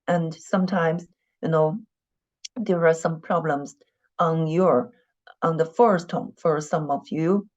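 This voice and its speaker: Slow, patient woman teacher. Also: lowish voice, a little mellow. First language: Mandarin Chinese. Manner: patient, repeats each point, many "you know" fillers. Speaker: Mandarin teacher. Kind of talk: classroom lesson explaining tones. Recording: dull lo-fi recording.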